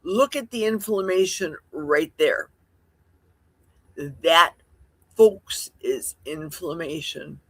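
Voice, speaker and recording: Husky Midwestern woman chatting slowly. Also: low voice, a bit bright, no room sound. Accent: Midwestern American. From Wisconsin, USA. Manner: chatty, rambling, folksy asides. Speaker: livestream host. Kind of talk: casual livestream chat reading viewer comments.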